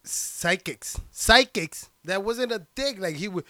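A young man hosting a podcast as a stand-up comic, talking in a profane, excitable, rambling way full of restarts into a handheld mic. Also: high voice, measured pace, few pauses, no echo. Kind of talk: casual rambling podcast chat. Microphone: handheld microphone plugged into a computer.

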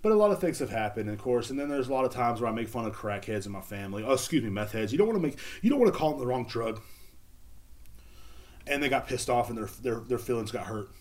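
A man's voice: medium pitch, expressive, quick pace, a little mellow. A man hosting a solo podcast, rambling through a crude, sarcastic mock apology. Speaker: podcast host. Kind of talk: casual solo podcast monologue. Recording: music playing behind the voice.

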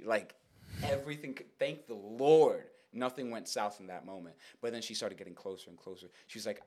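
A young man hosting a podcast, telling a story in casual chat, animated and rambling with lots of fillers and repeats. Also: on the low side, a little fast. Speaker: podcast host.

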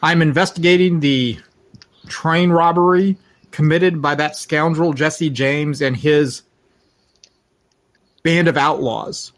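A man's voice: fairly high pitch, steady tone, slow pace, long pauses. A man voicing a pompous, formal male detective who speaks in stiff, old-fashioned phrases. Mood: haughty.

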